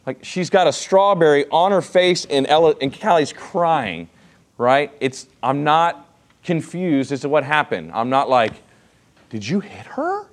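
A man's voice: fairly high pitch, unhurried. A man in his thirties teaching a Bible class in a casual, conversational way, with many rhetorical questions.

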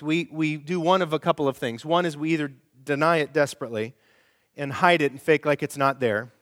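A middle-aged male pastor preaching a sermon, animated and storytelling, acting out quoted voices. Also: a little high, big-room sound.

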